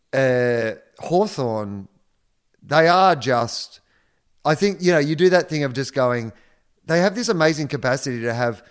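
A man's voice: medium pitch, smooth. A man co-hosting a casual sports podcast, talking in a laid-back, rambling way with many fillers and restarts. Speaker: podcast co-host.

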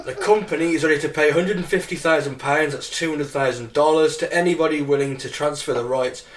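A man's voice: a little high, quick pace. A man in his forties co-hosting a podcast, reading news stories in a dry way between bits of banter. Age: 40s. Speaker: podcast co-host. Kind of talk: casual chat, reading news items.

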